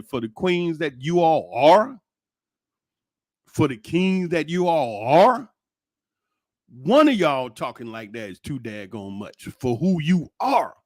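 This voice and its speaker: Rambling, animated man on his channel. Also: a little high, dry recording, studio quality. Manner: animated, rambling storyteller with frequent restarts and exclamations. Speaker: channel host. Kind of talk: casual commentary monologue.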